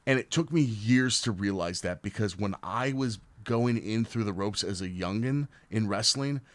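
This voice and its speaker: A man's voice: lowish voice, normal speed, no echo. A young man, a podcast guest telling stories in casual chat and acting out the voices of other people. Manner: animated storyteller, acts out quoted voices loudly.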